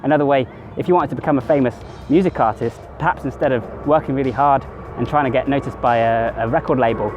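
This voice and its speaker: A man's voice: mid-range voice, fast, few pauses, lo-fi sound, soft background music. A man talking casually to camera in a rambling, conversational way, sometimes correcting himself mid-sentence. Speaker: vlogger. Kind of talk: casual self-help monologue to camera.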